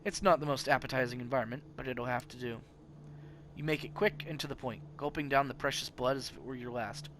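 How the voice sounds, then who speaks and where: A man's voice: medium pitch, quick pace, slight background noise. Man animatedly narrating a game. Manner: animated reading with big swings in loudness. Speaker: let's play host. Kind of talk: reading a game's narration aloud.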